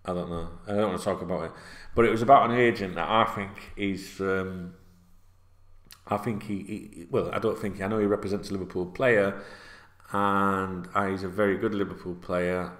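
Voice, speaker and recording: A man's voice: sits low, fairly even intonation, normal speed, a bit bright. A middle-aged man, rambling casually in a sweary, filler-heavy way while seated at home. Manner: chatty, sweary, with many fillers. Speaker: football vlogger. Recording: roomy echo.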